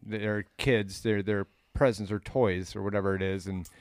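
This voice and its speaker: An easygoing male podcast host introduces a clip, stumbling a little over his words. His voice is smooth and clear, recorded close and dry. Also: lowish voice, steady tone, normal speed, no echo. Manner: easygoing, with hesitant restarts. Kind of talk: casual podcast chat.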